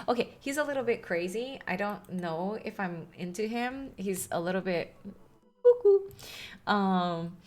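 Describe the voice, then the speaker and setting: A woman streaming a game, chatting casually and reading on-screen text aloud with wry asides. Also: fairly low pitch. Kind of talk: casual game playthrough commentary.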